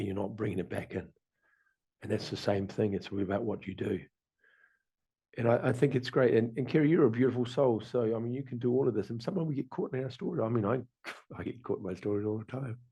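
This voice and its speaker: A man's voice: on the low side, quick pace, warm tone, slightly rough. A middle-aged man, a qigong teacher, talking casually on a video call, rambling and repeating himself as he explains. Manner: rambling storyteller, laughs often, repeats himself.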